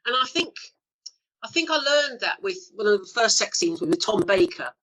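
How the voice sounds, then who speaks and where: A woman's voice: medium pitch, very animated, moderate pace, a bit bright, poor audio. A woman in her fifties, an actress guest, telling bawdy anecdotes in a chatty, laughing way during a casual interview.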